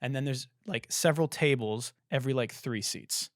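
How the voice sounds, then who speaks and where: A man hosting a podcast, telling a comedic story in a profane, animated way and acting out the other people in it. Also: medium pitch, normal speed, no echo, studio quality. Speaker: podcast host.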